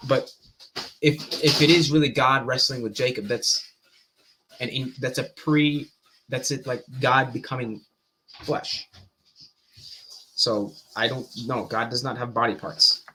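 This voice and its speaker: Male streamer reacting live, talking fast and cutting himself off, bright tone with faint hiss. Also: mid-range voice. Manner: fast-talking, animated, self-interrupting. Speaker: stream host. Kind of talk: casual reaction commentary.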